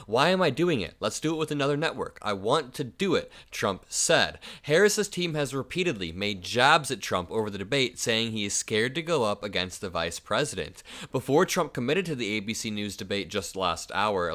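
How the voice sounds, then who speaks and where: A man giving political commentary in a mocking, animated way, reading out quotes and reacting to them. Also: medium pitch.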